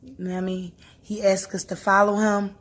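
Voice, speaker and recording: A woman's voice: mid-range voice, level tone, a little fast. A young woman vlogging to camera, talking earnestly and encouragingly about faith and grief, with frequent laughs. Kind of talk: casual heartfelt talk to camera.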